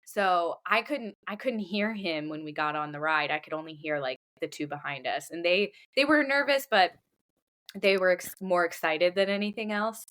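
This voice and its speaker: A woman in her thirties, a podcast co-host telling a lively story in casual chat, putting on the voices of others. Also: fairly low pitch, normal speed.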